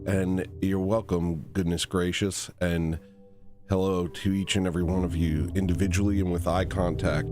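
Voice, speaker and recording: A man hosting a livestream, rambling comically and mocking himself, with sudden jumps into high squeals and laughs. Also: flat delivery, normal speed, music in the background. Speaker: livestream host. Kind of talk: rambling comedic livestream chat.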